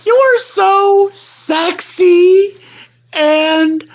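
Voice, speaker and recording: A woman voicing Simp Omo, a shrill lovesick plush toy. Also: extremely slow, full character voice. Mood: lovesick wailing. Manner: wailing, gushing, melodramatic. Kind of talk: comic plush-toy skit on a live stream.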